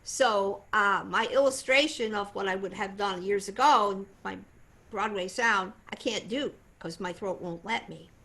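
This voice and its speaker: An older woman voice teacher explaining singing technique in a conversational, animated way. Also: medium pitch, unhurried. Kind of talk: voice lesson demonstration and explanation.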